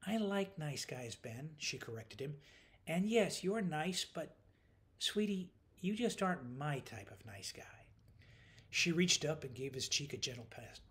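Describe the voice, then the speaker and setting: A man's voice: on the high side, lively intonation, a little slow. A man voicing a dry, wry young woman. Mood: dry patient. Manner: dry, gently teasing. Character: hungover young woman coder, wry and patient. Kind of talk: audiobook narration.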